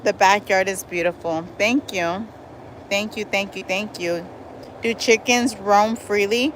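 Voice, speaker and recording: This backyard livestream features a woman with a medium-pitched voice speaking at a measured pace as she reads comments and chats with "y'all" in a lively way. Sound quality is low, with faint outdoor noise and traffic behind her.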